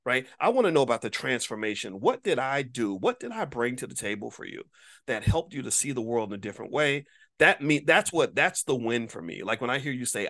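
A man at a middle pitch talks straight to his viewers in a loose, unscripted monologue. He is emphatic and preachy, drops in casual swearing, and doubles back on words as he restarts his thoughts. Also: bright, forceful tone. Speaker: online commentator.

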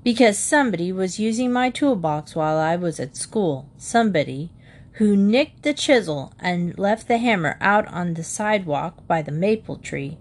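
A woman's voice: fairly low pitch, lively intonation, normal speed. A woman voicing a boy who scornfully tattles on his younger brother.

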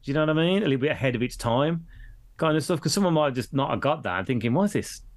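Middle-aged man from Britain, guest in a casual chat, rambling anecdotes, quick laughs. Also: mid-range voice, lively intonation. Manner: rambling, laughs often, voices others in anecdotes.

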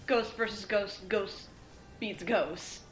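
A woman's voice: medium pitch, slow pace, roomy sound, soft background music. A woman playing in a tabletop game, thinking aloud with hesitant fillers. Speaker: player.

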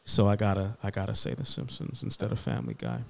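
A man's voice: on the low side, sing-song, quick pace, vocal fry. Man, podcast co-host, laid-back, teasing, repeats his words. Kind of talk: casual chat.

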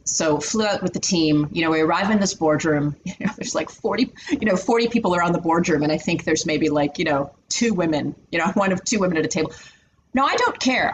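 A middle-aged woman in finance, speaking as an interview guest and telling candid stories in an animated way, with many filler words. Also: on the low side, fast, hardly any pauses, noisy background. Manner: animated, heavy "you know" fillers. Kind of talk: candid storytelling in conversation.

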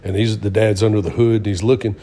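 A middle-aged man with a low, dark, slightly husky voice tells his story in an earnest, preacher-like way. He talks casually on a faith-based show and leans on fillers as he goes. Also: level tone, quick pace. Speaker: co-host of a Christian talk show.

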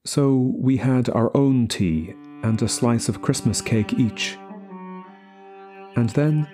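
A man reading a short story aloud as the narrator, in slow, measured scripted narration. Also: medium pitch, mellow, soft background music. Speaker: story reader.

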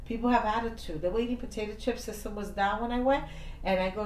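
A woman's voice: on the high side, fairly quick, dark tone. Chatty woman podcast co-host in an echoey room. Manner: chatty storyteller, acts out quoted exchanges. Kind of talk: casual chat. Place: New York. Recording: echoey room, faint noise.

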